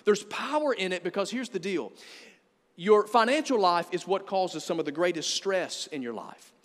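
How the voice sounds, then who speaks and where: A man preaching a sermon as pastor, energetic, quoting scripture with emphasis. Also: high-pitched, moderate pace. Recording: reverberant church hall.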